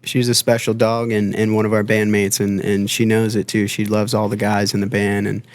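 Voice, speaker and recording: A man's voice: lowish voice, level tone, moderate pace. A man in a band, a guest on a podcast, talking casually and rambling with lots of fillers and restarts. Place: podcast studio.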